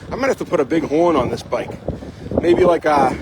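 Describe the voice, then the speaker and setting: A man's voice: fairly high pitch, fairly quick. A man live-streaming a casual ride on a bike path outdoors, rambling and chatty, a bit out of breath, with wind buffeting the phone mic. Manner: rambling, chatty, fills with "you know". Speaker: vlog host. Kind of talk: live-streamed casual chat while biking. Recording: heavy wind noise on the mic.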